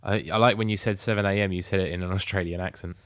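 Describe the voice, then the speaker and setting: A man's voice: low voice, fairly even intonation, rapid-fire, a bit bright, dry recording, clean studio sound. A man co-hosting a casual podcast, rambling with lots of "like" and swearing freely. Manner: rambling, heavy use of "like" and swearing. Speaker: podcast co-host.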